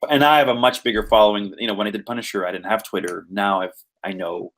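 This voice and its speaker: A man's voice: fairly low pitch, fast talker. A man from Quebec, an actor talking through his roles in a rambling podcast interview full of fillers. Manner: rambling, animated, many fillers. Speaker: voice and motion capture actor.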